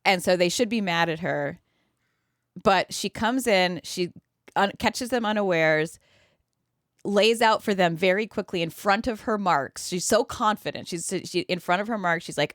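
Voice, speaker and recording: A woman's voice: lowish voice, moderate pace, dry recording, clean studio sound. A woman guest in casual podcast chat, talking with enthusiasm in rambling, filler-heavy sentences.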